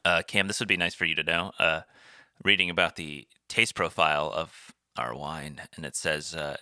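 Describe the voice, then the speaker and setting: A man co-hosting a casual podcast, reading wine and cheese pairing notes in a laid-back way with many pauses and fillers. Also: extremely low pitch, steady tone, sharp tone, dry recording, clean studio sound. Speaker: podcast co-host. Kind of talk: casual chat.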